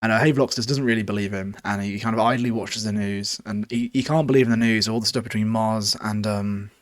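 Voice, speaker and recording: In a steady, fairly low voice, a man hosts a podcast and talks a little fast as he casually recaps a book, rambling with swearing, fillers and self-corrections. The sound is studio quality with no echo.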